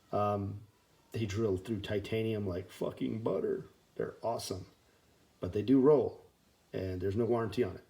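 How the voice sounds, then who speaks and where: Heavy background noise surrounds this man's lowish voice as he tours his auto repair workshop without a script. He's a mechanic, shop owner, and parent whose delivery is profane, ranting, and casual, like a bro.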